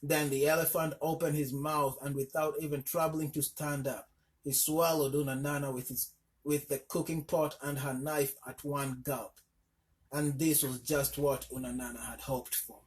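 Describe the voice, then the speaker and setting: A man reading a folk tale aloud in a fairly high voice. His delivery is steady scripted narration, with small slips here and there. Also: moderate pace. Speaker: storyteller.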